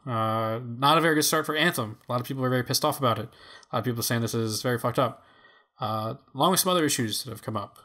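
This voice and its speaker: Male podcast co-host, mid pitch, loose and rambling, heavy on fillers. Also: quick pace, pushed and bright. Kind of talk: casual chat.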